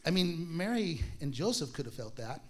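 A man's voice: a little high, sing-song, background noise. Conversational man teaching from scripture. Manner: conversational, acts out voices in stories, laughs often; reads scripture aloud slowly. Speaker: pastor. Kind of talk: informal Bible teaching.

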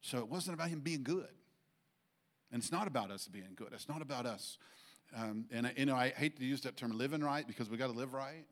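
Man preaching, halting then emphatic. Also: mid-range voice. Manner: halting, many restarts and fillers, then emphatic swells. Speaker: pastor. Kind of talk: sermon.

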